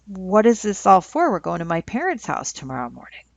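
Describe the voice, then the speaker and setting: A woman voicing a hurt, confused young woman who speaks in halting bits. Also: mid-range voice, sing-song, creaky, no room sound. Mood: surprised. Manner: hesitant, halting. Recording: dull lo-fi recording.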